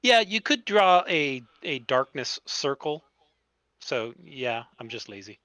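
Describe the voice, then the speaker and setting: A man's voice: mid-range voice, big pitch swings, slow pace, pushed and bright, no room sound. Laid-back man running the game. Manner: laid-back, explains rules. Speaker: game master.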